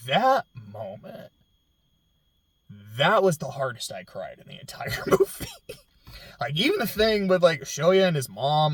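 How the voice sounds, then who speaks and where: A man's voice: on the high side, big pitch swings, measured pace, dry recording. Rambling, emotional man reviewing a film. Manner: rambling, emotional, many "like" fillers. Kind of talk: casual film reaction talk.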